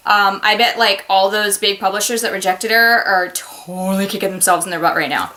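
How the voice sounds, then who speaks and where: A woman author giving advice in a casual, animated talk to her viewers from a home office, breaking into sudden loud exclamations. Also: medium pitch, a little fast, hardly any pauses.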